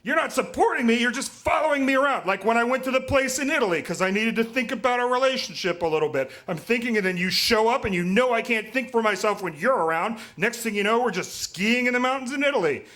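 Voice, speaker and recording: A man voicing a furious wealthy woman patient, shrill and scolding, on a live storytelling stage. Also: lively intonation, fast, few pauses, a bit bright. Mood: accusing.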